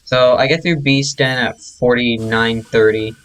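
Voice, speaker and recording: A man with a middle-pitched voice talks through his own speedrun replay in a relaxed, chatty way. He explains each choice as it comes and often corrects himself mid-sentence. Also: unhurried, low-quality recording. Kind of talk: casual game commentary over replay footage.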